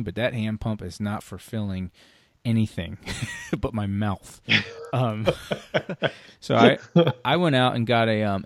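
A man's voice: lowish voice, no room sound, studio quality. A man hosting a casual talk show, talking animatedly and frankly and swearing freely. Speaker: podcast host. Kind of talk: casual hunting gear chat.

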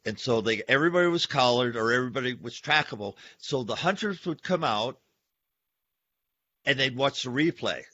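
A male podcast host with a bright, forceful voice tells a story with lively energy and keeps talking to "folks". His sound is a bit dull and lo-fi, and it is dry, with no room echo. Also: medium pitch, moderate pace. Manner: animated storyteller, addresses listeners as folks. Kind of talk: casual podcast conversation.

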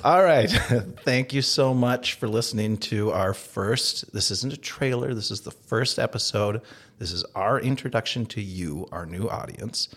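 A man with an upper Midwestern accent, co-hosting a casual podcast from an office, telling stories in an animated, laughing way. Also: on the low side, normal speed. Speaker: podcast co-host. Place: office in a co-working space.

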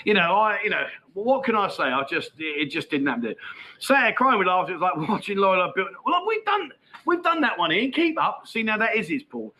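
A middle-aged livestream host chats outdoors in Pattaya, reading out viewer comments in a friendly, matey way and laughing along. His high-pitched voice is sing-song, bright and forceful, moving fairly quickly, though the audio quality is poor.

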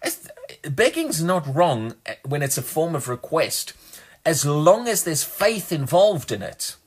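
A man's voice: on the high side, very animated, slow, husky. A man preaching a sermon, earnest and emphatic, often repeating words as he restarts a phrase.

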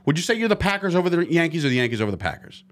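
A man's voice: a little high, sing-song, very fast. A man hosting a casual sports podcast, talking animatedly, swearing freely and acting out quotes. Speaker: podcast host.

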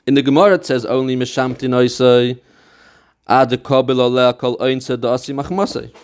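A man's voice: mid-range voice, steady tone, normal speed, smooth. A man teaching a Talmudic text, explaining it step by step and quoting passages in a study chant. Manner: mixes English with Yiddish and Hebrew terms. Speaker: Torah teacher.

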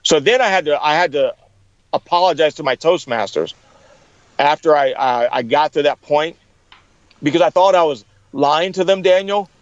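A man's voice: on the high side, moderate pace, no echo, muffled recording. A middle-aged man in an interview, telling stories with energy and acting out the people he quotes. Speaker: guest. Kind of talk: storytelling in an interview.

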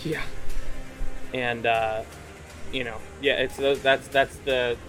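Casting: young male game master, mid-pitched, relaxed and profane. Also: slow, over music. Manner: loose, profane, filler-heavy narration. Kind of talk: narrating a tabletop game.

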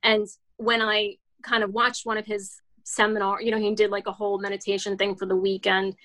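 A woman's voice: mid-range voice, little pitch movement, a little fast, sharp tone. A woman in her thirties telling her story as a guest in an interview, rambling with many restarts, heartfelt and casual. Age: 30s. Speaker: guest author.

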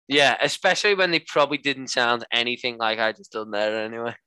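A man's voice: mid-range voice, brisk, clear, resonant tone, dry recording. A man co-hosting a podcast, telling jokey stories in casual chat. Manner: animated, jokey, slips into voices. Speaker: podcast co-host. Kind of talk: casual comedic storytelling.

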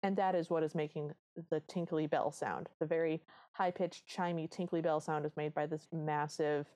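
A woman co-hosting a podcast, recapping a film in animated casual chat. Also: sits low, normal speed. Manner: animated storytelling. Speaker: podcast co-host.

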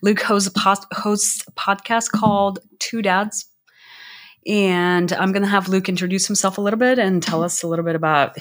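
A woman's voice: medium pitch, fairly even intonation, normal speed. A woman hosting a casual podcast interview, hesitant and restarting her sentences often. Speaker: podcast host.

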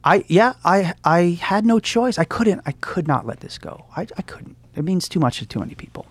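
A man's voice: sits high, sing-song, moderate pace, a little hiss or hum. A young man, a store owner, chatting casually in an interview, acting out what others said and laughing often. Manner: chatty storyteller, acts out quotes, laughs often. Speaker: comic book store owner.

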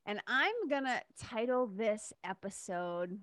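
Bright, chatty New woman host. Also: medium pitch, a little slow, no room sound, clean studio sound. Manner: chatty, enthusiastic, laughs often. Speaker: podcast host. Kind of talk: casual solo podcast monologue.

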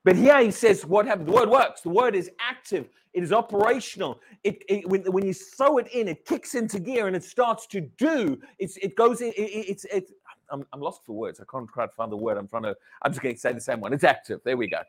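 A man from Britain preaching a sermon, animated, repeating words and asking his congregation questions. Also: high voice, brisk, husky. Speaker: pastor.

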